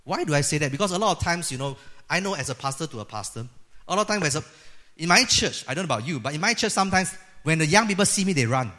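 Man, middle-aged pastor, sermon, lively, fairly high voice. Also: fast talker. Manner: lively, acts out quoted voices of God and people.

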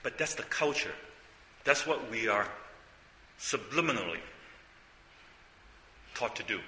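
An older man preaches in a chatty, storytelling way, tossing out rhetorical questions. His voice is bright and sharp, and it rings through a roomy hall with a long reverb. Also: mid-range voice, animated, a little slow, a little hiss or hum. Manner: conversational storytelling, frequent asides and rhetorical questions. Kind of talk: sermon.

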